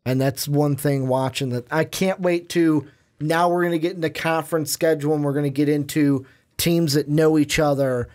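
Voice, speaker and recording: A man's voice: a little high, fairly even intonation, normal speed, darkish tone. Chatty male sports podcast host. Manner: chatty, drives the segment. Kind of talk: casual sports talk.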